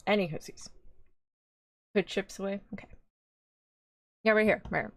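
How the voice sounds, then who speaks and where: A woman's voice: medium pitch, moderate pace, no echo, clean studio sound. A young woman streaming live as a vtuber, chatting casually in a rambling, giggly way.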